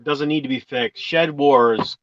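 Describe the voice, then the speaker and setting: A man's voice: medium pitch, unhurried, no room sound, dull audio. A man chatting as a guest on an online video call, joking around and rambling with restarts. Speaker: guest YouTuber. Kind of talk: casual online chat.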